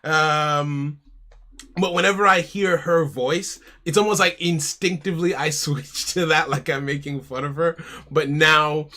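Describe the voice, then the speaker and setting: A slightly high, steady male voice with a measured pace and a bright, forceful tone. He's an American streaming from home, chatting casually and narrating his card game moves aloud while calling people "mate."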